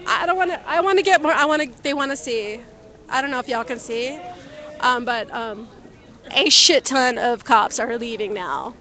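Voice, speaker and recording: Outdoors at a night protest, a young woman livestreams on a handheld phone, chatting casually with viewers and frequently shouting out. Her voice sits on the high side and moves at a moderate pace, giving live street commentary.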